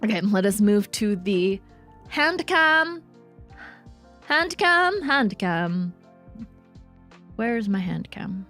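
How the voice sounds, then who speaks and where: A woman's voice: mid-range voice, very animated, slow pace, long pauses, a bit bright. A woman VTuber chatting casually and playfully with her livestream audience. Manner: bubbly and playful, talks to chat. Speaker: VTuber streamer. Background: faint lo-fi hip hop music.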